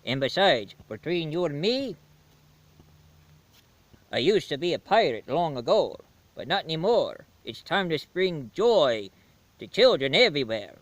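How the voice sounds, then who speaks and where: A hearty, rambling Santa Claus, as a man puts him on with a mock Swedish accent and a big ho-ho laugh. His voice swings high and lively and stays bright. It sounds dry and close, like a homemade comedy sketch. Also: measured pace, long pauses, no room sound. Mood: jolly. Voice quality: booming ho-ho laugh.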